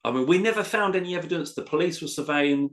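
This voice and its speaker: Animated man telling a story. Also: a little high, fast talker. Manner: animated storyteller, acts out quotes. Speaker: letting agent guest. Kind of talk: casual anecdote telling.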